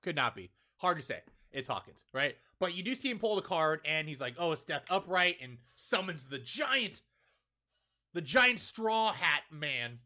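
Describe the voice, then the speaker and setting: A man hosting a casual manga chapter review, excitable and chatty, tagging on "right?" and "man" as he talks. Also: a little high, a little slow. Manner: excitable, keeps asking "right?" and saying "man".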